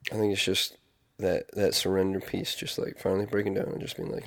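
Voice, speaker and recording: A man's voice: low voice, flat delivery, fairly quick, gravelly. A man talking in a casual confessional monologue, rambling and earnest, with many fillers and restarts. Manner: earnest, reflective. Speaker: vlogger.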